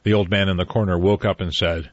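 A man reading a novel aloud as narrator, measured and even, in a dull, dry recording. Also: low voice, no echo. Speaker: audiobook narrator. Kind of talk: scripted narration.

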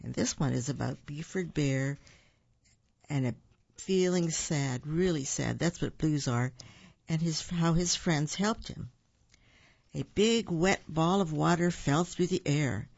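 A reader reading a children's storybook aloud, pausing with ums to explain words to the listeners. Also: mid-range voice, vocal fry, no echo. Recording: dull, dry recording.

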